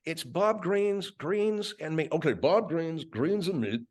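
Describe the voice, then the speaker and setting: A man putting on a fussy, exasperated chef with a lifted, strained tone. The voice drags out each word as if fed up with being misheard, pitched well above his normal speech and with an unusual colour. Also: warm tone. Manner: slow, exasperated correcting. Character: Hendrie's exasperated chef character, adult man.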